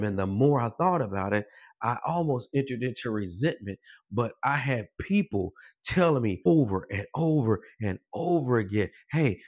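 A man preaching a sermon. He repeats his phrases and climbs higher and louder as he drives a point home. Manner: builds in pitch and volume, repeats phrases for emphasis.

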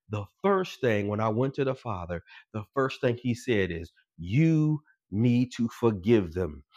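A man preaching a sermon. He repeats his phrases and climbs higher and louder as he drives a point home. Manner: builds in pitch and volume, repeats phrases for emphasis.

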